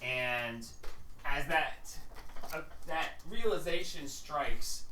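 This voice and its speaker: Brief: bright, animated game master calling rolls, recorded far off in an echoey room. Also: medium pitch, extremely slow, a little hiss or hum. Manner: lively, counting rolls aloud. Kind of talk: running a tabletop game.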